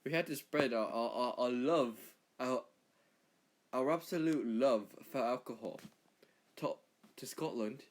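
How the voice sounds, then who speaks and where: A man's voice: medium pitch, unhurried, natural voice. A man doing a put-on English accent, playing a smug Englishman who rambles and repeats himself. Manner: hesitant, rambling, repeats words. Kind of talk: comedic accent impression.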